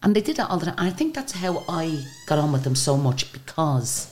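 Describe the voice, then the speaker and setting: An Irish woman with a low, throaty pitch rattles through her story at a quick clip. She talks like she's chatting over tea, animated and full of asides, as a guest being interviewed. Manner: chatty, animated anecdote-telling. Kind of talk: conversational storytelling.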